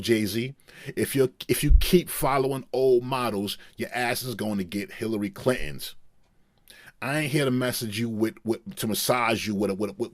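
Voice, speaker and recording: A man imitating an impassioned male rapper, delivering a loud, emphatic, preachy stage rant in a voice raised well above his own. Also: fairly low pitch, no room sound, clean studio sound, voice pushed up, natural voice.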